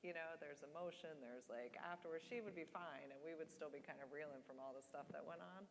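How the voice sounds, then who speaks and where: A woman on a discussion panel thinking out loud in a reflective way. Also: low-pitched, brisk, slight background noise. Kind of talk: casual discussion. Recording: reverberant hall.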